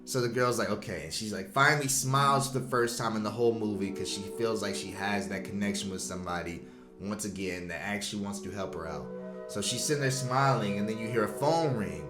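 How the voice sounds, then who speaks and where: A man casually recapping a horror movie, animated and slangy, acting out the characters' lines and laughing often. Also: fairly low pitch, a little fast, roomy sound, music in the background. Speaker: movie reviewer.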